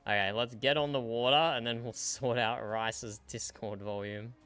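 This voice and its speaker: A man's voice: medium pitch, fairly even intonation, normal speed, a bit bright, smooth, soft background music. A man streaming a video game, chatting in a dry, matter-of-fact way and chuckling often. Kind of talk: casual gaming livestream chat.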